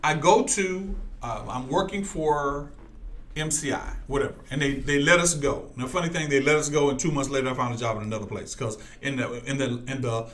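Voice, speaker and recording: A man's voice: medium pitch, a little fast, fairly bright tone. A man preaching to his listeners, telling personal stories and repeating his points with emphasis. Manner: emphatic, repetitive, talks straight to listeners. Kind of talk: preaching with storytelling.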